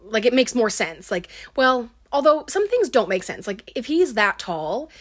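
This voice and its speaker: A woman's voice: on the high side, very animated, moderate pace. A woman casually recapping a horror film, talking with lots of "um" and "like.". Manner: filler-heavy, lots of um and like.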